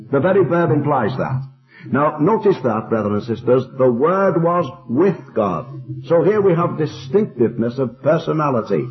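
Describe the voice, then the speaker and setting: Man leading a Bible study, lo-fi tape. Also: fairly high pitch. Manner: measured, emphatic, slow over quoted verses. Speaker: leader of a Bible study meeting. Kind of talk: teaching and leading group discussion. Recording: dull, tinny old tape recording.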